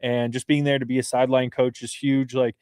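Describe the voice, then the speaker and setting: A man's voice: mid-range voice, little pitch movement, a little mellow, clean tone, dry recording. Earnest man in dry close-mic sound. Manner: earnest, fast-flowing analysis with many restarts. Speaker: sports podcast co-host. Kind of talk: casual sports talk.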